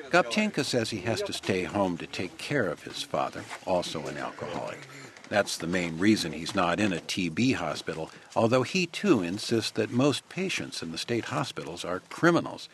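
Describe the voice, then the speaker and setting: Deep-voiced male radio reporter. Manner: measured, descriptive storytelling. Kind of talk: scripted news narration.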